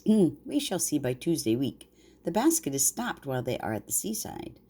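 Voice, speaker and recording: A woman's voice: sits low, big pitch swings, normal speed, dark tone, slightly rough, full character voice. An older woman voicing a fussy, huffy male town mouse in a bedtime story, with a prim and a little sniffy manner.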